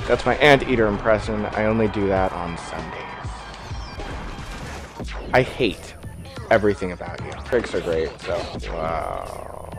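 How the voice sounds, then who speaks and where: A low-pitched man gives excitable commentary as he plays a video game, dropping to mutters and then shouting. His delivery is animated and lively. Loud game music plays behind him. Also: a little slow. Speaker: gaming YouTuber. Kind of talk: casual let's play commentary.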